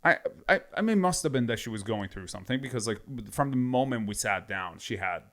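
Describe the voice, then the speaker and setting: A man's voice: mid-range voice, a little fast. A man casually retelling a story with lots of quoted back-and-forth. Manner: animated retelling with many quoted exchanges.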